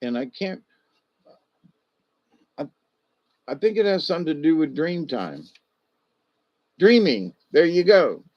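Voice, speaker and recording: A man's voice: on the high side, big pitch swings, a little slow, long pauses. A man giving casual spiritual animal card readings in a drawling, folksy way, chuckling often, with a dull lo-fi sound.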